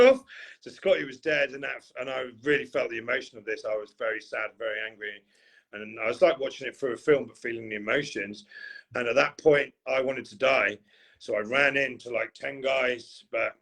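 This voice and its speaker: A man's voice: on the low side, gravelly, a bit bright, slightly rough. A man on a podcast, telling a long rambling story in a casual way, full of fillers and restarts. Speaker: podcast co-host.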